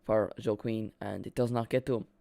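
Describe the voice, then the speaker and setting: A man streaming a live watchalong, giving casual, excitable play-by-play and chatting with his viewers, joking at his own expense. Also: lowish voice, brisk, gravelly, dry recording. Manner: chatty and excitable, jokes about himself.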